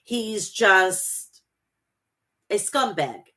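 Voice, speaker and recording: A woman's voice: mid-range voice, lively intonation, very slow, a bit bright. A young woman with a Long Island accent hosting a casual wrestling chat, blunt and brash, often laughing. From Long Island, New York. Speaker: wrestling podcast host. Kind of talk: casual livestream chat reading wrestling promos.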